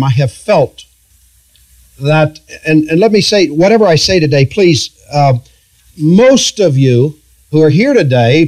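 A middle-aged man pastoring a church, preaching a sermon in an earnest, halting, confessional way with frequent restarts. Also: fairly high pitch, a little mellow.

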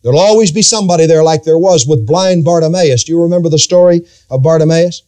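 With a warm tone and a fast pace, a man delivers a sermon that retells scripture in archaic biblical language. His delivery is dramatic and emphatic, with sweeping swings in pitch.

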